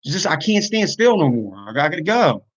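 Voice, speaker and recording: Guy on a live stream venting, kinda high voice, muffled lo-fi audio. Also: very animated, brisk, husky. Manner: earnest, venting frustration. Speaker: YouTuber and podcaster. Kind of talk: casual livestream talk.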